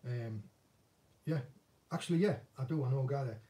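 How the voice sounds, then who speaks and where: Man, northern English accent, mellow tone, rambling casual chat, a bit distant from the mic. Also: medium pitch, moderate pace. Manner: chatty, self-deprecating, rambling. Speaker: angling vlogger and former commercial fisherman.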